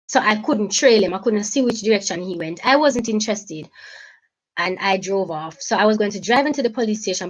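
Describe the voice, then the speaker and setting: A woman with a Jamaican accent, a guest giving an emotional personal account in halting speech, often repeating and restarting her phrases. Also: medium pitch, low-quality recording.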